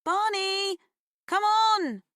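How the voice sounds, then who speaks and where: A woman voicing a frightened teenage girl who calls out and pleads in a high, loud voice, in an audiobook reading. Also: extremely slow, dry recording, studio quality, heavily acted. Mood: calling out.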